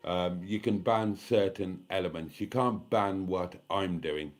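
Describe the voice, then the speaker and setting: A deep-voiced, unhurried British vlogger in his fifties hosts a live stream, sounding tired and a little tipsy. He chats casually, reads viewer comments aloud, swears now and then, and is full of self-deprecating humor.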